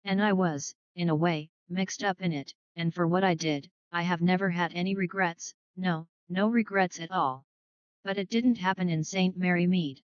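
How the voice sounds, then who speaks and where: A woman voicing a modest, gently rambling elderly spinster lady in a dry, dull recording. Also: fairly low pitch, normal speed, smooth, no echo, lightly acted. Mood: gentle. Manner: modest, rambling, softly spoken.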